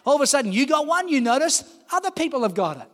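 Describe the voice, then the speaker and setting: A man in his fifties preaches to his congregation, his voice pitched unusually high. He builds into shouts and keeps calling out to the room for responses. The sound rings with the long reverb of a large church hall. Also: big pitch swings, fast talker. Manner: impassioned, rising to shouts, calls to the congregation. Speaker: pastor. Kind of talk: sermon.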